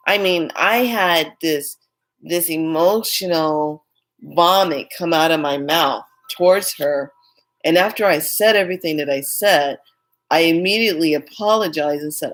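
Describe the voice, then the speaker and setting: A woman's voice: sits low, unhurried. A woman telling a personal story in a candid, rambling, emphatic way. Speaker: spiritual vlogger.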